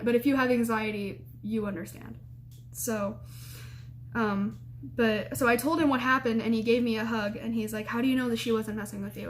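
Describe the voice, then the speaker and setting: A woman's voice: a little high, slight background noise. A young woman, a college student, telling a personal story casually, acting out what people said with laughs. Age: young adult. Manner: animated, quotes people in raised voices, laughs often.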